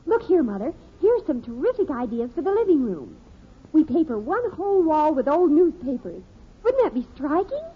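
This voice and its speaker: A gushing, excitable teenage daughter in a 1950s radio comedy. Her high, bouncy voice rises and falls eagerly as she rushes through ideas. The sound is dull and muffled, like old radio. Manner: breathless and enthusiastic.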